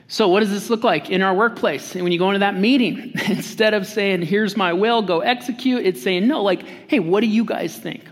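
A man with a high voice preaches a sermon in a casual, joking way and acts out the lines he quotes. His words ring out with a long reverb, as in a large hall. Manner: conversational and humorous, acts out quotes. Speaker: pastor.

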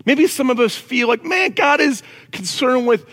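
A man preaching a casual, animated sermon to a congregation. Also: very high voice, normal speed. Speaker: pastor. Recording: long reverb of a large hall.

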